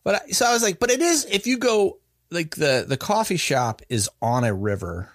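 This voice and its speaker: Chatting casually on his podcast, a man tells a story in a very animated voice on the high side, speaking at normal speed. He rambles, restarts frequently, and leans on many fillers, and the clean studio audio has no room sound.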